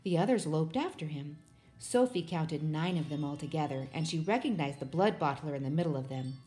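A woman's voice: low voice, brisk, soft background music. Woman reading a children's book aloud. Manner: steady, expressive narration. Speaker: storybook reader.

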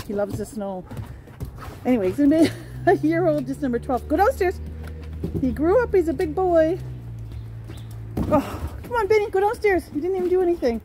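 A woman vlogging at home with her pets, chattering in sing-song baby talk and cheering them on with excited calls. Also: extremely high pitch, a little fast, background noise. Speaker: pet vlogger. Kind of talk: casual home vlog. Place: home with pets, partly outdoors in snow.

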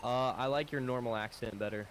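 A man's voice: mid-range voice, brisk, slight background noise. A man playing alongside in a role-play game, answering in dry, agreeable short lines. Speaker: fellow role-play player. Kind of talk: casual role-play chat over voice chat.

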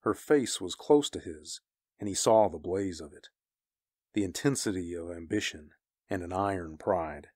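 A man narrating a story, reading in a grave and measured way. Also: low voice, a little mellow, no echo, clean studio sound. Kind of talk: scripted narration of pulp fiction.

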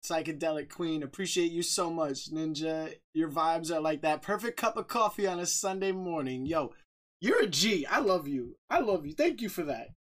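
A man streaming a game live, chatting casually, reading out viewer shout-outs, joking and laughing often. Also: fairly high pitch, normal speed. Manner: bursts of loud excited talk.

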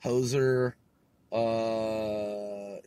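A man's voice: on the low side, steady tone, drawn-out words, dark tone, clean tone. A man hosting a podcast, talking casually in a laid-back, slangy way, swearing a lot and laughing often. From California. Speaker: podcast host. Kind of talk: casual profane monologue.

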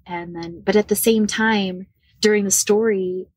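A woman in her forties from the Midwest of the United States, telling a personal story as a podcast guest, animated and laughing often. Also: mid-range voice, measured pace, breathy edge. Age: 40s. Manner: animated, laughs often, acts out quoted dialogue.

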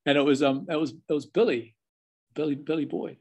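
A man's voice: fairly high pitch, steady tone, a little fast, vocal fry, darkish tone, slight background noise. A man in his forties with a New Zealand accent, telling stories as an interview guest in a laid-back, chatty way with lots of restarts. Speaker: interview guest, former film extra. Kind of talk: casual storytelling.

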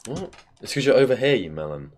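A man streams a video game, chatting casually with plenty of swearing and teasing banter. His medium-pitched voice is very animated and fairly quick. Loud keyboard clicking sounds in the background.

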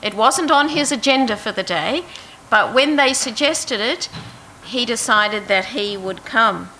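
A woman leads an interactive Bible lesson, reading verses and putting questions to her listeners. Her voice is bright and sits a little high. A faint hum of room ambience runs behind her. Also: expressive, unhurried, poor audio. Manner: asks the audience questions, reads verses aloud. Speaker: preacher.

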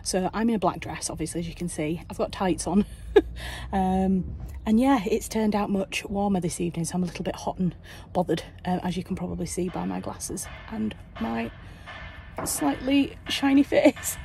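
A woman with a Yorkshire accent, chatting enthusiastically to her handheld camera on a day trip and dropping to a hush indoors. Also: lowish voice, a little fast, gravelly, a little hiss or hum. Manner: chatty and enthusiastic, hushed in the museum. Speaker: vlogger. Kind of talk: casual chat to camera. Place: historic house and grounds on a day trip.

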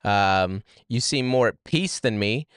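A man's voice: lowish voice, animated, measured pace, a bit bright, smooth, no echo, clean studio sound. A man in his thirties hosting a podcast, telling stories in a rambling way with many restarts and asides. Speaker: podcast host. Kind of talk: casual chat.

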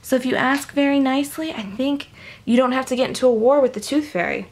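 A woman reading a picture book aloud to children on camera in an animated, chatty way, often dropping to a whisper. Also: high-pitched, quick pace. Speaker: children's story reader.

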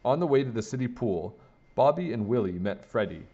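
A man reading a children's picture book aloud in a lively, sing-song way. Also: mid-range voice, fairly quick, husky. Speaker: storybook reader. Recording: dull lo-fi recording.

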